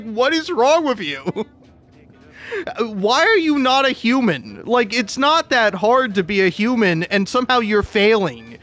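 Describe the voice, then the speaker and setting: Young male streamer with a high voice; rambling, profane, laughing rants over gameplay. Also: fairly bright tone. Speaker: video game streamer. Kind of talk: casual gameplay commentary.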